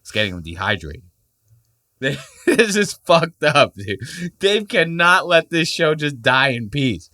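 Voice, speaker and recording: Young male podcast host, lowish bright forceful voice, crude mocking riffs, dry close sound. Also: sing-song, measured pace, dry recording. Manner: crude, mocking, jokey, swears freely. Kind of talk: casual reaction commentary.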